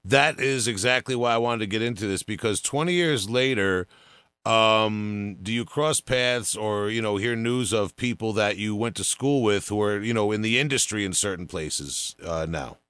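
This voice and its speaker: Podcast host, male, Long Island accent; bright, smooth tone, relaxed and halting delivery. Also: lowish voice, dry recording. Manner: laid-back, halting, filler-heavy. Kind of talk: casual interview chat.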